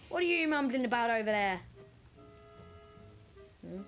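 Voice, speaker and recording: A woman's voice: a little high, sing-song, measured pace. A woman giving casual let's-play commentary, playfully reading game dialogue aloud with dramatic reactions. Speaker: gamer. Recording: game music behind.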